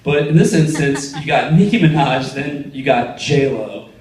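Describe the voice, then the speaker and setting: A man's voice: medium pitch, measured pace, slight background noise. A young man doing a stand-up comedy set, telling stories and acting out the people in them. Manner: animated storytelling, acting out quoted voices. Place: comedy theater stage. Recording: echoey theater from a distance, crowd laughter.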